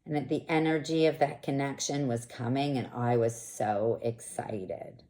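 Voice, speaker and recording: A woman's voice: very deep voice, a little slow. A woman speaking frankly and expressively as an intimacy coach, in a candid monologue. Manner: frank, expressive, animated bursts. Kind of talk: candid direct-to-camera monologue. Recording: echoey room.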